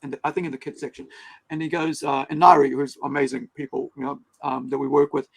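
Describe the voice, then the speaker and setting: Gravelly New man, animated host. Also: a little high, fast talker, poor audio. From New Zealand. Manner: animated storyteller, acts out quoted people. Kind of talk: casual livestream chat.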